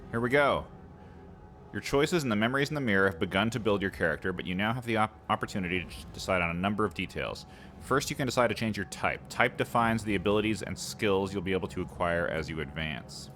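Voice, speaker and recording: A man with a fairly low voice reads a game's text aloud at his desk mic, then drops into playful, chatty asides to viewers. Faint game music plays softly behind him. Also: brisk. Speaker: let's play host.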